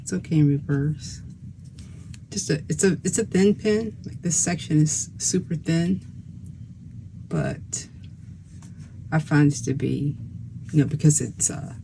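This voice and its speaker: A YouTube pen reviewer chatting casually while showing fountain pens, in an easygoing, unhurried way with frequent small restarts. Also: medium pitch, creaky, warm tone, slight background noise, poor audio. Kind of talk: casual show-and-tell chat.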